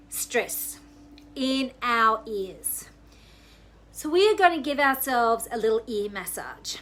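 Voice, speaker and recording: Female wellness educator, slightly high-pitched, leads calm self-massage steps softly. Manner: gentle, soothing, slow guidance with soft laughs. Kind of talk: guided self-massage instruction.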